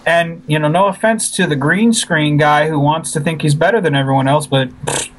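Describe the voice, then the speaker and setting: A man who makes fan films, talking in a casual chat, animated and frustrated, often repeating himself as he vents. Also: on the high side, a little fast, rough recording. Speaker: fan filmmaker.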